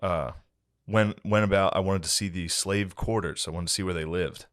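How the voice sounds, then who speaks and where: Low-voiced man telling a deadpan story. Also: normal speed, no echo, clean studio sound. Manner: deadpan, profane storytelling with dramatic build-ups. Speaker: podcast co-host. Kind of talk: casual storytelling chat.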